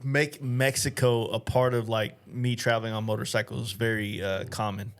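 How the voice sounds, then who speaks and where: A man's voice: mid-range voice, little pitch movement, normal speed. A man co-hosting a podcast, talking in a laid-back, profane way. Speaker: podcast co-host. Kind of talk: casual chat.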